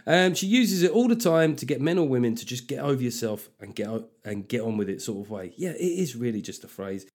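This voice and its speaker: A man's voice: mid-range voice, expressive, a little fast, darkish tone. A middle-aged man hosting a comedy podcast, talking in a sweary, conversational way. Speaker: podcast host.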